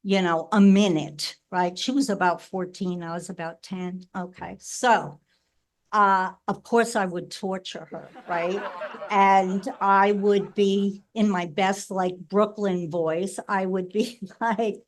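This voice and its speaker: A woman's voice: mid-range voice, steady tone, slow pace. A woman in her sixties from New Jersey telling family stories at a memorial, chatty and laughing, often adding "right?" to her sentences. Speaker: sibling speaking at a memorial. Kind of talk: memorial tribute, personal storytelling.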